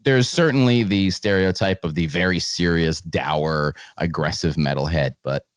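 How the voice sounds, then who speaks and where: A man guest telling lively stories over a remote podcast call, laughing often and swearing freely. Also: low voice, normal speed, no echo, clean studio sound. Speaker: podcast guest, comedian and video reviewer. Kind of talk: casual storytelling chat.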